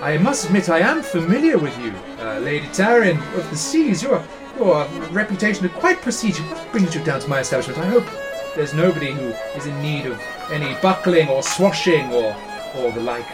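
A man's voice: on the high side, sing-song, fairly quick, voice pushed up. A man voicing a flamboyant male orc innkeeper, fussy and genteel, with music behind. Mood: welcoming.

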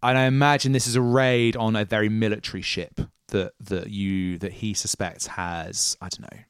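A man narrating a tabletop game as game master, with measured storytelling and casual asides. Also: fairly low pitch, level tone, clear, resonant tone, no echo, studio quality.

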